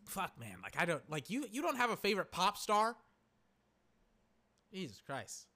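A man chatting casually and excitably, rambling, swearing and exclaiming, his voice cracking. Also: sits high, slow, long pauses. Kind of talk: casual chat.

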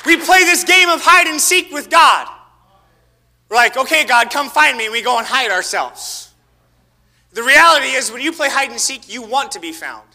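A male preacher with a very high, piercing bright voice delivers a fervent sermon. He swings between loud exhortation and hushed asides. His voice rings out with a long reverberant tail in a church hall. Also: animated, normal speed.

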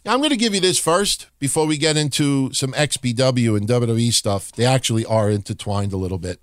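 A man talks through wrestling history as the podcast host, casual and explanatory. His voice is smooth and resonant at a middling pitch. The sound is dry and close. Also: fairly quick, no room sound. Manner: explanatory, conversational.

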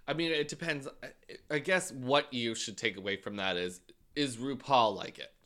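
A man's voice: medium pitch, moderate pace, bright, forceful tone. A man co-hosting a podcast in casual chat, wry and swearing casually. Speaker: podcast co-host.

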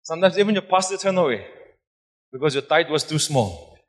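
A man preaching a sermon. He repeats words for emphasis and swings between hushed and loud delivery. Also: fairly high pitch, lively intonation, a little fast. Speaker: pastor. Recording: long hall reverb.

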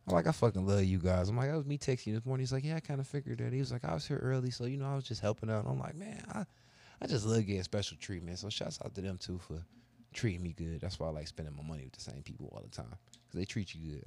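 A man with a low voice tells crude stories in a loose, profane, boastful way. The sound is close and dry, with no room around it. He drawls through casual talk with a co-host. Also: rapid-fire, creaky, no room sound. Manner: profane, boastful, animated storyteller. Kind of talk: casual storytelling chat.

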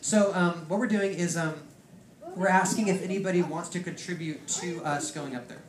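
A man's voice: sits high, normal speed, a crowd in the background. A man preaching a personal testimony, rambling with lots of "like" fillers. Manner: rambling storyteller, heavy use of "like". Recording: roomy echo.

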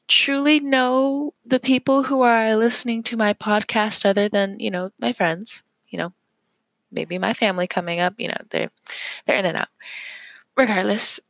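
Slow, calm woman reading tarot. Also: fairly low pitch, creaky, dry recording, highs cut off. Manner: reflective, unhurried, with pauses and fillers. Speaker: tarot reader and podcast host. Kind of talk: casual tarot reading podcast.

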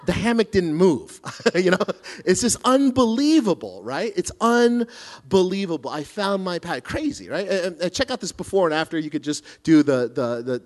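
A middle-aged man preaching a sermon, telling a self-deprecating story with lots of restarts and asides. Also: sits high. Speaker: pastor.

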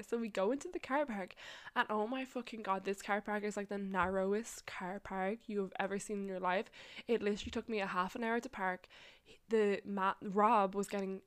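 A woman's voice: medium pitch, steady tone, normal speed, smooth. A young woman vlogger casually telling a long story, rambling, swearing and laughing often.

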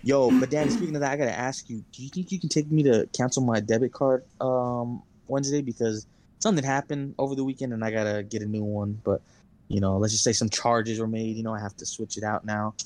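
A man's voice: mid-range voice, steady tone, quick pace, a little mellow. Young male podcast co-host, casual storyteller, heavy cursing. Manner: rambling storyteller, heavy swearing and fillers. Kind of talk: casual chat.

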